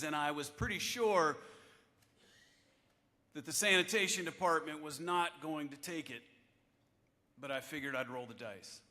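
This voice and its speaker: A man in his fifties, a chaplain giving a devotional address to lawmakers in a wry, measured storytelling manner, at a podium microphone in a large chamber. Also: fairly high pitch, pushed and bright. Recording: echoey hall with long reverb.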